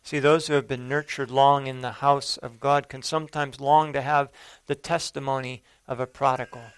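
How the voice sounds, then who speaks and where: Earnest male preacher, smooth voice. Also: medium pitch, level tone, normal speed, no room sound. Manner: earnest storytelling, with rising emphasis and soft drops. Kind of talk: sermon.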